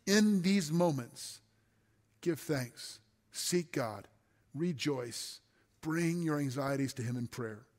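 A man preaching with an earnest, steady delivery, his voice sitting a little high for a man. He often sinks to a hushed, soft tone on key phrases. A long reverb trails behind him as in a large hall. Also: slow. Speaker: pastor. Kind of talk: sermon.

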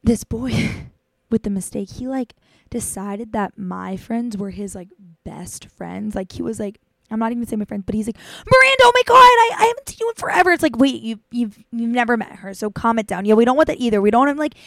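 A woman's voice: on the high side, fairly quick, vocal fry, a little mellow, no echo, studio quality. Chatty young woman giving playful dating tips. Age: young adult. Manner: chatty, playful, acts out voices of boys and friends. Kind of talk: casual chat.

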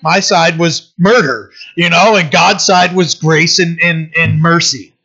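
Bright-voiced pastor preaching casually. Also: male voice, a little high, measured pace, slightly rough. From United States. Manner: informal storytelling sermon, loose and personal. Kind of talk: conversational sermon. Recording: dull lo-fi recording.

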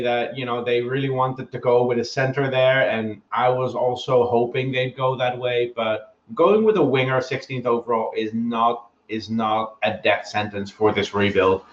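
Male co-host, analytical and casual, mid pitch, muffled roomy remote line. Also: steady tone, a little slow, few pauses. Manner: analytical, weighing points with hedges and repeats. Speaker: podcast co-host. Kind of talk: casual sports podcast analysis.

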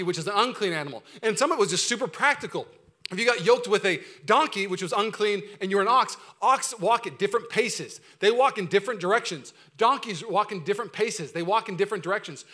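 A man preaches to his church with a high, rapid voice. His delivery is animated and bright, and he keeps pushing the congregation to answer back. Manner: animated, exhorting, calls for congregation responses. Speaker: pastor. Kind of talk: sermon. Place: church sanctuary.

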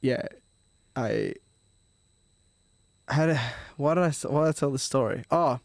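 Podcast guest: man, middle pitch, loose and sweary storyteller, dry close mic. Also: very animated, measured pace, vocal fry, dry recording. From Melbourne, Australia. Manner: rambling, profane storyteller. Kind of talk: casual chat.

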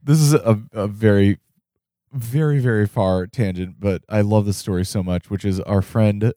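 A man's voice: lowish voice, moderate pace, dark tone, dry recording, studio quality. A young adult man co-hosting a podcast, chatting casually and telling stories eagerly with stammering restarts. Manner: enthusiastic storyteller, stammering restarts. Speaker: podcast co-host.

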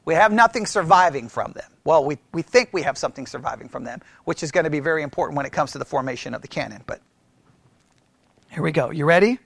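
A pastor teaching church history as a sermon-style lecture, animated, asking the room questions and often restarting his words. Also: on the high side, gravelly, no echo. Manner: animated, asks the room questions, mimics critics.

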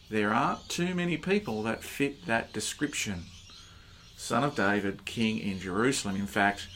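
A man preaching a sermon, slow and emphatic, pushing hard on key words. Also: mid-range voice, sharp tone.

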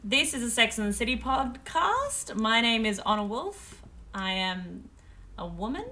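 A woman with an Australian accent co-hosting a podcast in casual chat, loud and jokey with a lot of swearing. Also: a little high, sing-song, measured pace. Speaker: podcast co-host.

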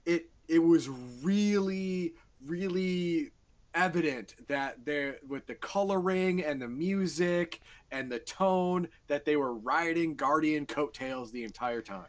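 A man co-hosts a casual film chat, jumping in impatiently and cracking jokes. His voice is slightly high for a man. He talks in a loose, bantering way. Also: takes it slowly. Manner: impatient, interrupting, joking. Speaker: co-host.

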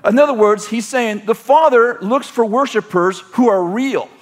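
High-voiced male preacher, rambling. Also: moderate pace. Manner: rambling, self-correcting, leads the congregation in call-and-response. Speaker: pastor. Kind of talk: sermon.

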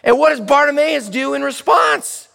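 A man preaching a sermon in church as pastor, animated and speaking directly to the children. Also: extremely high pitch, moderate pace, creaky, in a large hall.

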